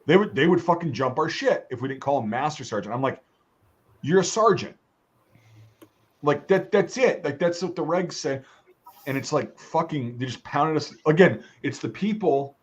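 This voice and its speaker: A man's voice: a little high, lively intonation, normal speed. A man telling a story in casual, profane podcast chat, acting out the voices of people he quotes. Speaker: podcast host. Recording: slightly dull lo-fi sound.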